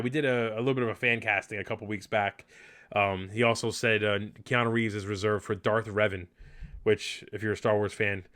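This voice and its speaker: A man's voice: on the low side, fairly bright tone. A man hosting a casual live podcast, chatty and enthusiastic, rambling with fillers. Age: adult. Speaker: podcast host.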